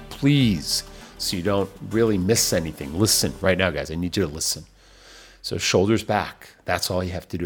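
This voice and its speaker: A man with a very low, husky voice leads a guided breathing exercise. He talks insistently and with energy, then sinks to soft, near-whispered prompts while the listener holds the breath. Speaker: podcast host and wellness coach.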